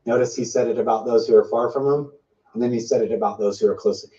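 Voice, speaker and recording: A man's voice: mid-range voice, steady tone, fast, dark tone. A man giving informal prophetic teaching, emphatic and piling up repeated phrases. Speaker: preacher sharing a prophetic word. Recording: dull, slightly distant lo-fi sound.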